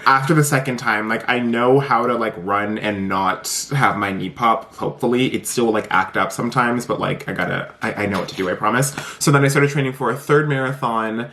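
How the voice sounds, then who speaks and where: A man in his twenties talking casually to the camera in a vlog, saying "like" a lot and laughing between sentences. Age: 20s. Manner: chatty, says "like" a lot, laughs mid-sentence; swings up high and animated for quoted bits. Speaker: vlogger.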